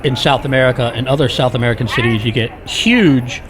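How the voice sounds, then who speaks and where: A man's voice: medium pitch, a little fast, a crowd in the background. A man chatting to viewers as he walks a busy city street, filming a casual tour vlog. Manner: chatty, talks to viewers while walking. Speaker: walking tour vlogger. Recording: street noise behind. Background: city street ambience.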